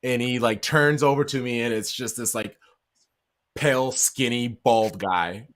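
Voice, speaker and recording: A man hosting a stream, chatting casually and telling an animated story in which he acts out quoted lines. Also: mid-range voice, a little slow. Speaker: stream host. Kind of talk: casual chat.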